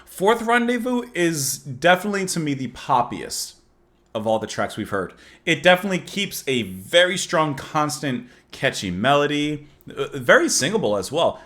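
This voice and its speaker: A man talks through his reactions to an album in a loose, wandering way, often chuckling at his own thoughts. His voice swings widely up and down in pitch as he muses aloud. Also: very animated, normal speed, fairly bright tone. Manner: rambling, musing, chuckles at himself. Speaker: music reaction host. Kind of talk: casual reaction commentary.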